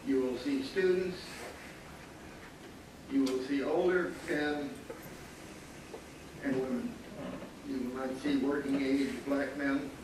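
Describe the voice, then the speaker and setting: A man's voice: medium pitch, fairly even intonation, takes it slowly, long pauses. A man in his seventies, a panelist and former student photographer, telling anecdotes wryly with frequent chuckles. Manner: wry, anecdotal, chuckling often. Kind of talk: storytelling at a panel talk. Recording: echoey hall, distant mic, audible noise.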